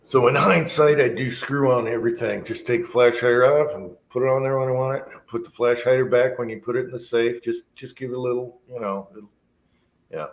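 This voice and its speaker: A man's voice: medium pitch, fairly even intonation, brisk. A man hosting a live chat, talking casually and rambling with lots of yeahs. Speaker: livestream host. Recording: echoey room with faint background noise.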